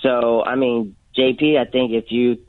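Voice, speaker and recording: Man, radio caller, mid-pitched, earnest, phone-line sound. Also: flat delivery, unhurried, no echo. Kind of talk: call-in radio talk.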